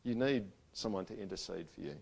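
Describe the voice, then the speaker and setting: A man preaching a sermon to a church gathering. He talks conversationally and swings between loud emphasis and quiet, intimate passages. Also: on the low side, quick pace, vocal fry, husky. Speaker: pastor.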